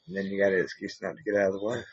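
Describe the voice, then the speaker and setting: A man's voice: deep voice, fairly even intonation, racing, husky. A man with a Southern US accent, a podcast co-host in casual chat, making dry joking quips. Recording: dull, muffled dry recording.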